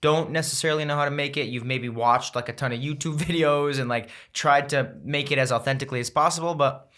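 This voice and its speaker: A man's voice: on the high side, fast talker, pushed and bright. A man guest on a podcast, talking thoughtfully in casual conversation, rambling with restarts. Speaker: guest, content creator.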